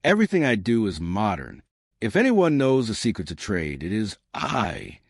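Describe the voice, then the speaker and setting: A man's voice: fairly low pitch, huge pitch swings, moderate pace, creaky, no room sound, full character voice. Male reader as a grinning, boastful Italian salesman; chatty, dry close sound.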